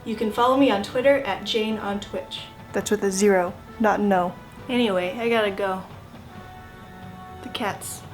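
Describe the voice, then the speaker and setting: A woman's voice: mid-range voice, steady tone, normal speed, echoey room, faint music behind. A woman and tabletop game player giving a playful, teasing show outro.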